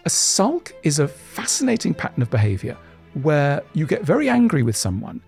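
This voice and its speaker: A middle-aged man answering interview questions in an animated way, acting out little voices as he explains. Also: on the high side, normal speed, vocal fry, faint music behind. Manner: animated, acts out voices in quotes. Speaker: guest author.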